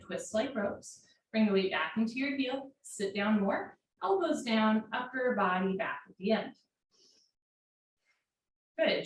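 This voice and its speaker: Woman giving yoga cues in an echoey room. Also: mid-range voice. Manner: steady, directive short commands. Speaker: yoga instructor. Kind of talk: live guided yoga class cues. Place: home room. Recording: very echoey room, mic far off, faint noise.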